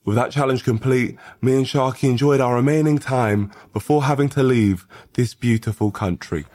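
A man's voice: mid-range voice, normal speed, a little mellow, dry recording. A young man giving a mock-dramatic voice-over narration for a vlog.

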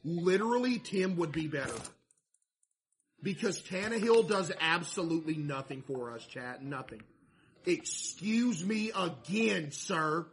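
A man streaming a game, chatting to his viewers in a mock-stressed, animated way. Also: a little high, a little slow, a little hiss or hum. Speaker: streamer playing a laundromat game. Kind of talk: casual gameplay commentary to chat.

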